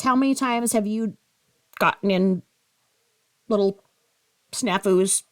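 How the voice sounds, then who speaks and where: Angry, sarcastic woman ranting. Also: on the high side. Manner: heated, sarcastic, scolding with rhetorical questions. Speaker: commentary YouTuber. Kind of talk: angry drama commentary rant.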